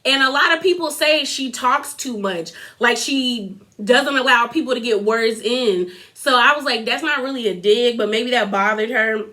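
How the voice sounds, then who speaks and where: Young woman, casual vlog recapper, rambling and filler-heavy; slightly high, bright voice. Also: normal speed. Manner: chatty, lots of filler "like", quotes people in a put-on voice. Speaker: reality TV recap vlogger.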